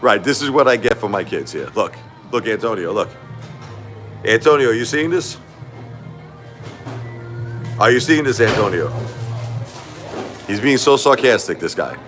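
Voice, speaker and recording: A man's voice: on the low side, animated, a little slow, long pauses, a bit bright, soft background music. A middle-aged man hosting a casual livestream, talking back to his chat in an emphatic, repetitive way. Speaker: livestream host.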